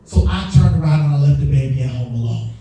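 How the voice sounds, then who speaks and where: A man's voice: mid-range voice, fast, creaky, far from the mic. A young man doing a stand-up set, telling family stories, acting out voices and chatting with the crowd. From Dominican family. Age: young adult. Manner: animated storytelling, acts out voices, chats with the crowd. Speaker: stand-up comedian. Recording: echoey hall, mic heard from afar. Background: audience laughter.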